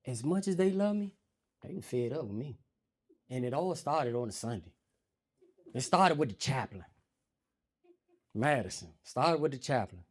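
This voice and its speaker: A male comedian telling a long story on stage, in a loose manner. His pitch swings widely, and he jumps into a raised voice whenever he acts out what someone said. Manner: animated, acts out quotes in raised voice. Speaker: stand-up comedian. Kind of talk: stand-up storytelling.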